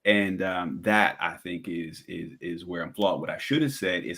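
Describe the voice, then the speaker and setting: Brief: low-voiced man, podcast guest, reflective and candid. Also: moderate pace, few pauses, pushed and bright, breathy edge. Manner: reflective, thinking aloud with many fillers. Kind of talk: casual podcast chat.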